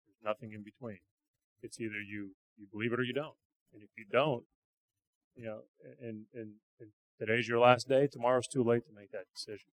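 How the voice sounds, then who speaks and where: A man sharing stories from a church mission trip in a halting, earnest way. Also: mid-range voice, steady tone, dry recording, rough recording. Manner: halting, repeats words, earnest. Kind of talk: casual testimony talk.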